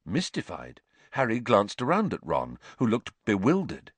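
A man narrating a story with dramatic, expressive reading into a close studio mic. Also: on the low side, normal speed, breathy edge, no room sound. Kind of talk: audiobook narration.

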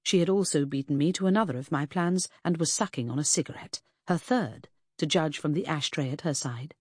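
A woman reading a first-person novel aloud in a measured, even storytelling way. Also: deep voice, breathy edge, no room sound, clean studio sound. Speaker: audiobook narrator. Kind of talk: scripted first-person narration.

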